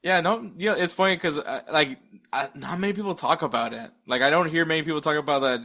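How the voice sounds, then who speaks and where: A man's voice: fairly high pitch, fast, bright, forceful tone. A young man in casual sports chat as a podcast guest, stammering, restarting his sentences and chuckling between points.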